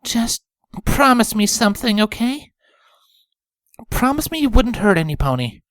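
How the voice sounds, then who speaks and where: An earnest, warm-hearted young mare, as a man reading a story puts her on in a high, bouncing falsetto. She pleads and reassures with eager sincerity, her voice lively and dry. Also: unhurried, no echo, full character voice. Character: kind, earnest young female unicorn.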